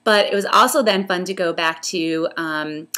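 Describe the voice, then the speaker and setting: A woman's voice: on the low side, normal speed, sharp tone. A woman with a Western New York accent touched by New Orleans, chatting casually and reading a word list in a rambling way with many ums. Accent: Western New York with some Southern New Orleans influence. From upstate New York. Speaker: vlogger. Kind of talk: casual accent tag video.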